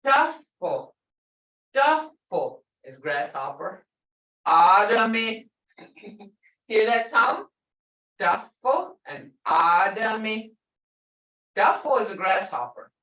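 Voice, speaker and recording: A woman's voice: medium pitch, very animated, fairly bright tone, roomy sound, recorded from a distance. A woman teaching an online language class, patiently repeating and drawing out each word to show its tone. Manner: slow, patient, models words by drawing out tones. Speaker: language instructor.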